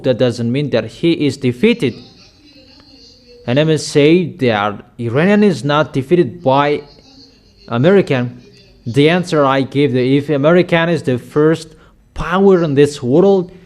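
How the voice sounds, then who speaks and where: Slow, emphatic male preacher. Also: on the high side. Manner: emphatic, declaiming, repeating commands. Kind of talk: sermon.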